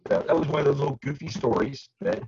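A man co-hosting a podcast, casually telling anecdotes in an animated way. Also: fast, breathy edge, muffled recording. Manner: animated storyteller, jumps high for quoted shouts. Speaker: podcast co-host. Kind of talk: casual storytelling chat.

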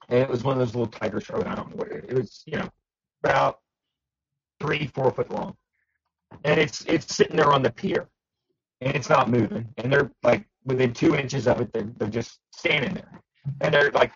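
Man, gravelly, husky, casual chat, acts out quotes, dull lo-fi recording. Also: mid-range voice. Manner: animated storyteller, acts out quotes. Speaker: podcast panelist, toy dealer.

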